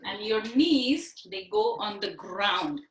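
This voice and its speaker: A woman teaching a children's yoga class over a video call, patient and encouraging, speaking slowly and clearly. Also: medium pitch, very animated, distant mic. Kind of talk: online class instruction for children. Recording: echoey room on a video call.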